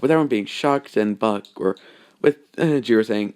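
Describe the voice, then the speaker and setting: A man's voice: fairly low pitch, normal speed, a little mellow. Rambling young man narrating a fan story. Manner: rambling, hesitant, many fillers and self-corrections.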